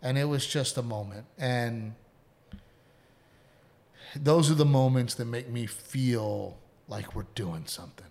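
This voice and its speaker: A man, co-hosting a podcast in casual chat, telling earnest stories and going hushed at heartfelt moments. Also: mid-range voice, takes it slowly, gravelly, pauses often. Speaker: podcast co-host.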